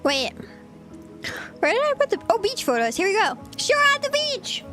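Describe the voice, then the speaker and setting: A woman's voice: very high-pitched, very animated, moderate pace, sharp tone, faint music behind. A woman VTuber streamer chatting casually with viewers while she eats, giggly and rambling. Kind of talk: casual livestream chat.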